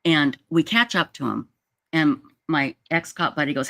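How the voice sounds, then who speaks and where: A woman hosts a casual livestream, telling a story with animated energy and frequent restarts. She speaks into a video-call mic from an indoor setup. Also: deep voice, normal speed, vocal fry. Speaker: livestream host.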